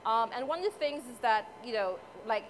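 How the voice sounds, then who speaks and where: A woman's voice: a little high, expressive, fairly quick, slight background noise. A woman from Saint Croix with a Crucian Caribbean accent, giving a chatty live cooking demonstration and joking with her audience. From Saint Croix, US Virgin Islands. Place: event hall with live audience.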